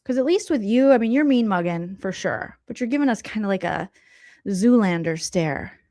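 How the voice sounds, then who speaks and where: Animated sarcastic woman reacting. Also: mid-range voice, normal speed, no echo, studio quality. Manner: animated, sarcastic, swings between loud and whispered asides. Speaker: comedian and reaction vlogger. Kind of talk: casual reaction commentary.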